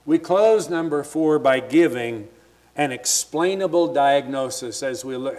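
A man's voice: mid-range voice, expressive, unhurried, darkish tone. A man preaching a sermon, retelling scripture in everyday words and stumbling over restarts as he thinks aloud.

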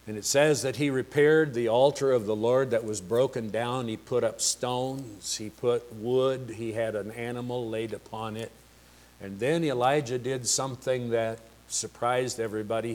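A man preaching a sermon, slow and emphatic, asking the congregation rhetorical questions. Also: mid-range voice, a little mellow. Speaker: pastor.

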